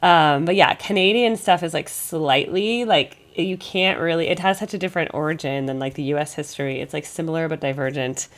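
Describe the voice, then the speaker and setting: A woman's voice: deep voice, fairly quick, hardly any pauses. An American woman hosting a music reaction channel, chatting in a rambling, think-aloud way while getting over a cold. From United States. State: recovering from a cold. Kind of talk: casual reaction commentary.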